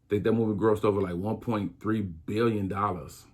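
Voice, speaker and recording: A man's voice: on the low side, fairly even intonation, a little mellow, breathy edge. A man hosting his own podcast, talking reflectively in a casual style, with many restarts. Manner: slow, reflective, drawn-out phrasing with many restarts. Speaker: podcast host. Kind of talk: casual solo podcast talk.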